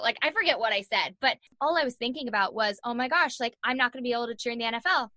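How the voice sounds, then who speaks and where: A young woman telling a story as a podcast guest, animated, acting out the voices of the people in it and saying "like" a lot. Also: on the high side, very fast, few pauses, dry recording. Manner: animated, acts out voices in her stories, says "like" a lot. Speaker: guest, sports journalist and podcaster. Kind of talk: casual storytelling in an interview.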